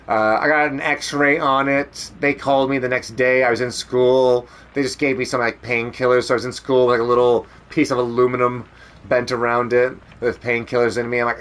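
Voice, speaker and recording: A man from Canada chatting through a game stream in an animated, loose way. He swears freely while he tells stories. He acts out the shouted parts instead of just reporting them. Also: medium pitch, brisk. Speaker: streamer playing a video game. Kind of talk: casual gameplay chat and storytelling.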